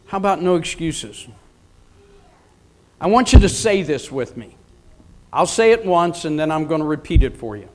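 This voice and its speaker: Older male pastor in his 70s, high voice, emphatic repetitive preaching. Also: big pitch swings, moderate pace, pauses often. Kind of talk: sermon.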